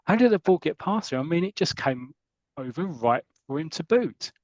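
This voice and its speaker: A man's voice: a little high, very animated, moderate pace, no echo. A man co-hosting a podcast, chatting casually and retelling comic scenes with quoted lines. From United Kingdom. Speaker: podcast co-host. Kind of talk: casual chat about comics. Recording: dull lo-fi dry recording.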